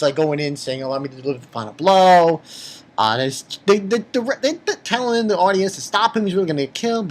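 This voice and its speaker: Excitable rambling man recapping a manga. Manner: excitable and rambling, jumps into high squeaky quotes; swears casually, repeats himself. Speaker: manga reviewer. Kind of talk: casual chapter recap.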